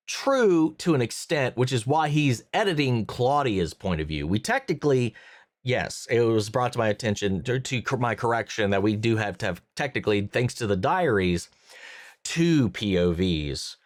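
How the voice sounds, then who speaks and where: Fairly low in pitch, this man's voice comes through in studio quality with no room sound. Running a reaction channel, he reviews a series episode casually, thinking aloud with lots of fillers and false starts.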